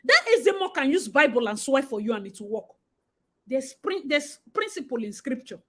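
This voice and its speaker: A Nigerian woman hosting a livestream, reading viewer comments and talking about life abroad with loud exclamations and Pidgin phrases. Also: high-pitched, normal speed. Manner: expressive, exclamatory, mixes Pidgin into talk. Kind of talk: animated livestream chat.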